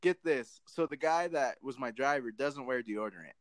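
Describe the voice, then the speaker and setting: A man's voice: mid-range voice, normal speed, dry recording. Laid-back, profane man telling stories. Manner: profane, laid-back storytelling with lots of "dude". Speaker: podcast co-host. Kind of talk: casual podcast chat.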